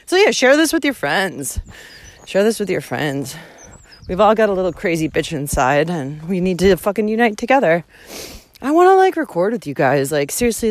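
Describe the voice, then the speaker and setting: A young woman talking to her podcast listeners in a blunt, profane, rambling monologue that swings between loud outbursts and quiet asides. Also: low voice, no room sound. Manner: profane, blunt and excitable, with big swings in loudness. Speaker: podcast host and hiker.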